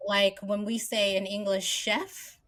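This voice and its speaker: Casting: female podcast host, curious and encouraging, mid-pitched. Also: flat delivery, slow, fairly bright tone. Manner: curious, questioning, supportive. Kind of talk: casual interview chat.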